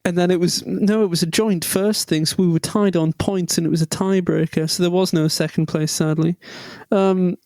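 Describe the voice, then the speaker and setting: Brief: co-host, fairly high voice, loose self-mocking storyteller, dry close sound. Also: male voice, fairly even intonation, normal speed, hardly any pauses, a little mellow, no room sound. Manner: rambling, self-deprecating, with many ums. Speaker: podcast co-host. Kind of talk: casual chat, storytelling.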